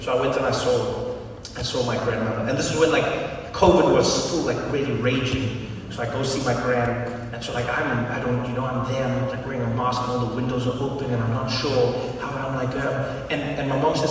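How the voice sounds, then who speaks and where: A man's voice: medium pitch, noisy background. A man in his thirties with a South African accent, telling a stand-up story to a live audience and acting out the voices of the people in it. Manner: animated storyteller, acts out voices. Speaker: stand-up comedian. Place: large theatre. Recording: echoey theatre recorded from far off. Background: laughing audience.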